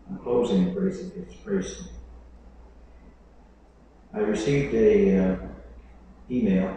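A man's voice: fairly low pitch, mellow, slight background noise. Preacher man in an echoey hall. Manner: preaching with dramatic quoted voices, conversational asides. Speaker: pastor. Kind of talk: sermon. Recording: echoey hall, mic at a distance.

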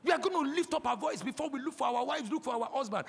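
A man in his forties with a Nigerian accent, preaching a sermon as a pastor, impassioned and breaking into shouts. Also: very high voice, lively intonation, fast talker, vocal fry, few pauses, slightly rough. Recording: long hall reverb.

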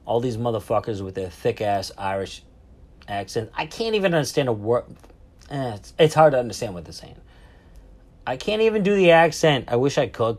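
A man's voice: on the low side, darkish tone, breathy edge. Rambling, foul-mouthed man telling a story. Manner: profane, rambling, full of fillers and restarts. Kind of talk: casual anecdotal storytelling.

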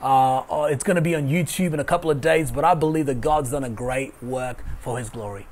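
A man's voice: mid-range voice, brisk, a little mellow. A man preaching an online sermon as pastor, emphatic and repeating his key phrases. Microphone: video call.

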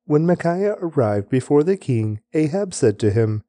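A man reading scripture aloud in a measured, even way for a daily reading. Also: on the high side, dry recording. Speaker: scripture reader.

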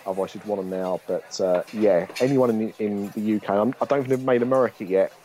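A man's voice: fairly low pitch, fast talker, warm tone. A young man co-hosting a podcast, talking casually and rambling a little, with plenty of hesitant fillers. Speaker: podcast co-host. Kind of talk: casual chat.

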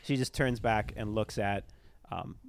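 A man's voice: lowish voice, a little slow, gravelly, a little hiss or hum. A young man telling a ghost story in casual podcast chat, rambling, with lots of fillers. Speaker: storyteller, former tour guide.

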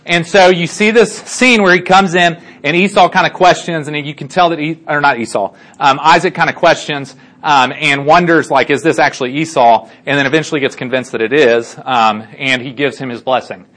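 A man's voice: fairly high pitch, normal speed, hardly any pauses, fairly bright tone. A man casually retelling a Bible story to a group, chatty, with many fillers and check-ins. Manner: chatty, lots of fillers and restarts, asks listeners for agreement. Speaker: Bible teacher.

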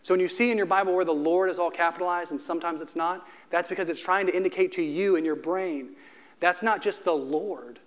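A man preaching a sermon as a pastor, conversational and humorous, slowing down to stress key phrases. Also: high voice.

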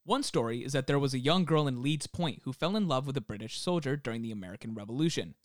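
A man co-hosting a casual podcast, reading a legend aloud from his notes in an animated way. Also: mid-range voice, quick pace, no echo, clean studio sound. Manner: animated, reads the story aloud. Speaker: podcast co-host, story reader.

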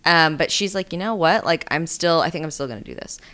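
A woman co-hosting a podcast, retelling a book in a casual, animated way and acting out quoted lines. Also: low-pitched, brisk. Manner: animated, acts out quoted lines, laughs often. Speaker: podcast co-host.

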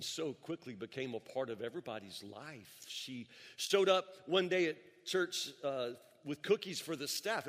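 A man preaches a sermon in a mid-range voice and tells stories in the pulpit's steady way. He repeats words as he goes and lifts his voice for emphasis. A long reverb trails each phrase around the large church hall. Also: mid-range voice. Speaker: pastor. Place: church sanctuary.

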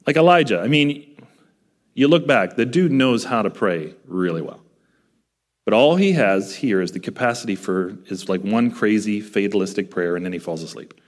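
Animated preaching man, low voice. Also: normal speed. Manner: animated, emphatic preaching with rhetorical questions; reads scripture aloud between explanations. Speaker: pastor. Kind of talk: sermon.

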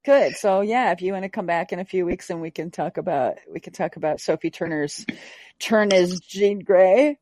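A woman's voice: fairly low pitch, moderate pace, mellow, slight background noise. Blunt, emphatic woman podcast host. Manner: blunt, emphatic, swears freely. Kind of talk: casual chat.

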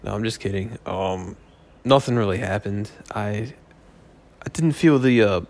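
A man's voice: on the low side, measured pace, a little mellow. A man hosting his own podcast, rambling casually with profane, joking asides. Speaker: podcast host. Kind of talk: casual solo podcast chat.

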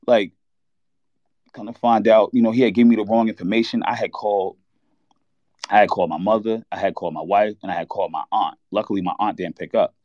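A deep-voiced man tells a candid story, halting and searching for words. His voice comes through dull, lo-fi, and dry. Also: warm tone, no room sound. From New York. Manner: candid, halting, reliving a loss. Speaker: podcast host. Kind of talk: emotional personal story on a sports talk show.

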